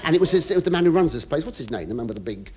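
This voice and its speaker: An English comedian hosting a radio show, telling a rambling monologue full of stammers, asides and confiding remarks to the audience. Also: male voice, fairly high pitch, very animated, racing. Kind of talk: stand-up comic monologue to a studio audience. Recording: hissy 1970s radio recording.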